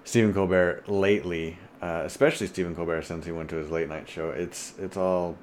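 A man's voice: low voice, fairly even intonation, a little fast, a little hiss or hum. A man co-hosting a podcast in casual chat, agreeing and laughing along, with some swearing. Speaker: podcast co-host.

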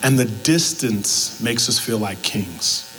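Animated male pastor preaching a sermon. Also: lowish voice, slow pace, long reverb tail, poor audio. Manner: animated storytelling, acts out both sides of conversations.

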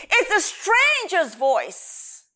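A woman with a very high voice preaches a Bible teaching with slow, deliberate pacing. Her pitch swings widely as she stresses words and repeats short phrases for emphasis. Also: huge pitch swings, pushed and bright. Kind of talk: sermon teaching.

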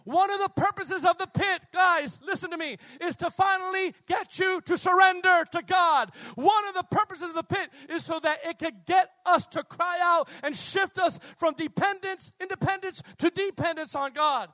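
A man preaching a sermon in an emphatic, animated way, calling out to his congregation. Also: very high voice, normal speed, few pauses, no echo.

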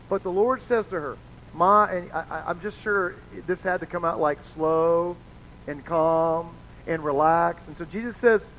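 A man's voice: high-pitched, a bit bright. A man preaching a conversational sermon as pastor, casual and chatty, acting out the people he quotes. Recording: dull lo-fi sound with faint noise.

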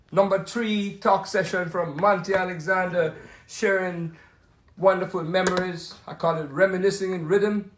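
A man's voice: high-pitched, fairly even intonation, normal speed. Older Jamaican man reminiscing, roomy echo. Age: 70s. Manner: showman-like, rambling storyteller. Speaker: musician hosting a talk session. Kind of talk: casual reminiscing monologue. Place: at home.

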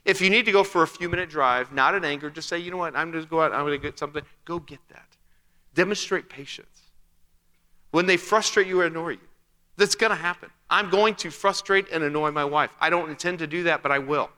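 A man's voice: a little high, brisk, pushed and bright. A man preaching a sermon as pastor, talking conversationally, asking rhetorical questions and acting out quotes. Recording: long hall reverb.

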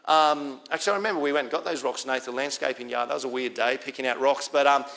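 A man with an Australian accent preaches a sermon as pastor in a conversational manner, repeating key lines for emphasis. His voice is mid-range and fairly bright, and he talks at a quick pace.

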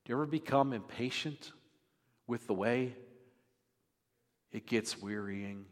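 A man's voice: medium pitch, unhurried. Man preaching in a reverberant hall. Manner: conversational, jokes with the congregation. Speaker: pastor. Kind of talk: sermon.

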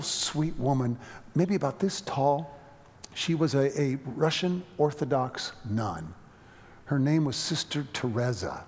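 A man preaching a sermon, telling a personal story with animated energy and frequent halting restarts. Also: on the high side, big-room sound. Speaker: pastor.

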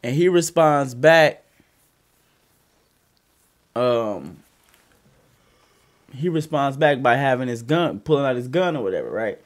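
A man casually telling a story on a podcast, profane and animated, with loud bursts as he acts it out. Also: medium pitch, slow, pauses often.

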